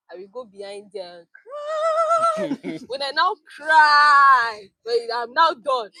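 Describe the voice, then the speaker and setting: A woman's voice: on the high side, vocal fry, rough recording. A Nigerian woman telling her teaching story in a casual group chat, acting out quotes and laughing often. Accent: Nigerian English. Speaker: teaching fellow sharing experience.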